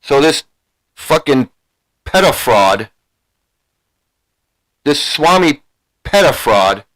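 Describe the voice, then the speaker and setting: A man's voice: a little high, lively intonation, a little slow, long pauses, fairly bright tone, low-quality recording. A man ranting as a YouTube commentator, heated and profane, repeating himself as he confronts viewers. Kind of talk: angry rant to a live chat.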